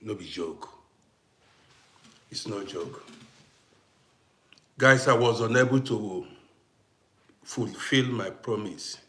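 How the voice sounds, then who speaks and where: A man from Africa, host of a live stream, chatting casually with viewers and turning heated and loud as he answers a critic. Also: on the low side, takes it slowly, long pauses, reverberant. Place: home in Austria.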